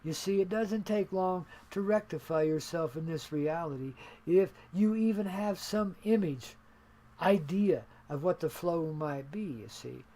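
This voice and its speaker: A man's voice: fairly high pitch, a little slow, warm tone. An older man hosting his own radio show, talking in a folksy, laid-back, rambling way about spirit and life and laughing at his own jokes.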